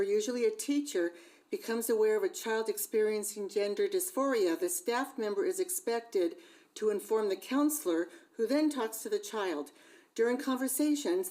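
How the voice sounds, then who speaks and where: A woman's voice: mid-range voice, a little mellow, low-quality recording. A woman reading a prepared public comment at a school board meeting, asking a series of pointed questions into a podium microphone. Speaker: parent speaking at public comment.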